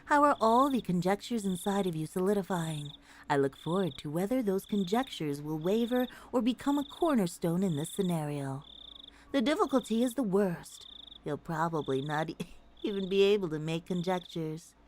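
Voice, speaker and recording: A woman reading on-screen game text aloud in a measured, deliberate way. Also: lowish voice, expressive, a little mellow, a little hiss or hum.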